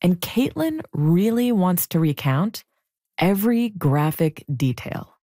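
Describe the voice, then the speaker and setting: A woman narrating a true story in measured, scripted storytelling. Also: on the low side, very animated, warm tone, dry recording, clean studio sound. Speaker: podcast narrator.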